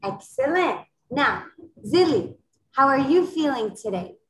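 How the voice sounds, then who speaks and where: A woman teaching an online French class to children, encouraging them and modeling phrases slowly and clearly over a video call. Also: sits high, sing-song, echoey room, poor audio.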